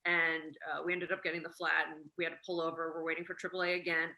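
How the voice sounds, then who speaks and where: A woman's voice: low-pitched, level tone, fast, pushed and bright, rough recording. A woman, a writer and co-director, telling a chatty anecdote in a casual interview, with lots of filler words.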